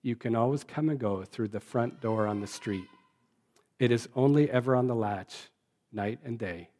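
A man's voice: mid-range voice, normal speed, warm tone, close to an everyday voice. A man voicing a kindly old male bishop who speaks solemnly, stressing every word. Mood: gentle. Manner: solemn, emphasizing each word.

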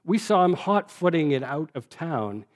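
A man's voice: on the high side, very animated, normal speed, voice pushed up. A man voicing a dutiful male police sergeant who reports hesitantly to a bishop. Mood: reporting.

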